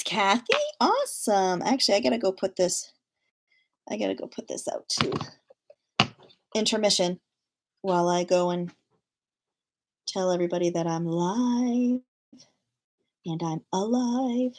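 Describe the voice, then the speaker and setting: A woman in her thirties hosts a casual livestream from her home. She is chatty and self-deprecating and laughs often. Her voice sits at an ordinary middle pitch. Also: expressive, measured pace, pauses often. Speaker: livestream host.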